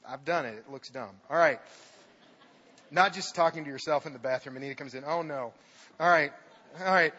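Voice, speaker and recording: High, bright-voiced preaching man. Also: moderate pace, pauses often, husky. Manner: dramatic, jokey storytelling, reads scripture with big emphasis. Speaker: pastor. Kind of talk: sermon. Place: church sanctuary. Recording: dull reverberant hall sound.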